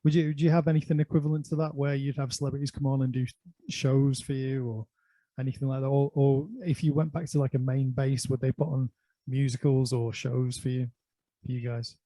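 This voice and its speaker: A male host asking halting, searching questions in a conversational interview. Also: medium pitch, little pitch movement, dark tone, no echo.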